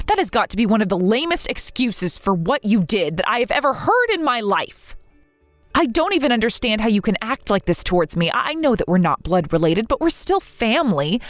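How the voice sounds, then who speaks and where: A woman's voice: on the high side, big pitch swings, moderate pace, dry recording, soft background music. A woman voicing a hurt, grieving young wife. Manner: earnest, pleading and upset. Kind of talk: text-story voice acting.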